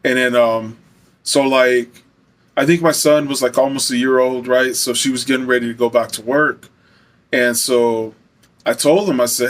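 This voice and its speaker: A man's voice: medium pitch, fairly even intonation, moderate pace. A young man telling a personal story in a casual, rambling way, full of fillers and swearing. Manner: rambling, heavy fillers, profane.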